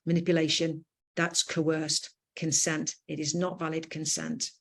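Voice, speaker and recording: A woman's voice: deep voice, level tone, measured pace, creaky. A British woman lecturing firmly and emphatically, with frequent fillers. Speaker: educator giving a talk.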